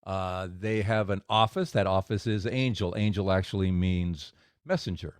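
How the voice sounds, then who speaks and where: A man hosting a faith podcast, retelling stories and explaining scripture in a relaxed, explanatory way. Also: low voice, normal speed, smooth, no echo, studio quality. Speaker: podcast host. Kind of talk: faith podcast storytelling and commentary.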